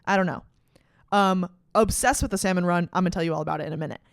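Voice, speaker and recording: A woman's voice: fairly low pitch, fast talker, vocal fry, dry recording, studio quality. A young adult woman hosting a podcast, retelling a story in casual, profane, slang-filled chat with dramatic emphasis. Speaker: podcast host.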